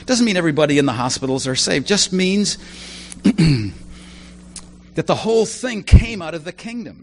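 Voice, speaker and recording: A man's voice: fairly high pitch, a little hiss or hum. A man preaching a sermon in a conversational way, full of asides and personal stories.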